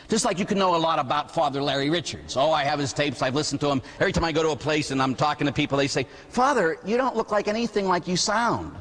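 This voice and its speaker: A middle-aged man, a priest, preaching a sermon with animated storytelling and mimicked voices. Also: a little high, long reverb tail.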